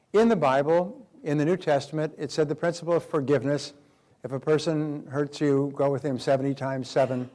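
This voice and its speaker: A middle-aged man delivers a motivational talk at an average pitch. He drives his points home by repeating them and acts out short exchanges in quoted voices. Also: warm tone. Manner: emphatic, repeats key phrases, acts out quoted dialogue. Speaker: motivational speaker.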